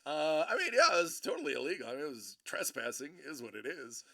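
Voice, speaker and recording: A man's voice: a little high, very animated, quick pace, pushed and bright. A man hosting a livestream, telling a rambling, chatty story in a casual way and correcting himself as he goes. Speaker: livestream host. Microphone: streaming microphone.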